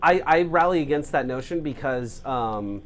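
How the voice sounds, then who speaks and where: A man's voice: medium pitch, animated, normal speed, slight background noise. A young man co-hosting a let's play, rambling casually and swearing, packing his sentences with "like". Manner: rambling, profane, heavy use of "like". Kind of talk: casual gameplay chat.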